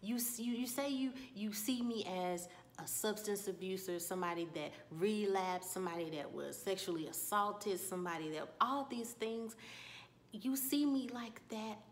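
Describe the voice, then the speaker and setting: A woman's voice: mid-range voice, moderate pace, slight background noise, natural voice. A woman voicing a hurt, pleading woman who stumbles and repeats her words. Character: hurt, pleading woman asking to be seen anew.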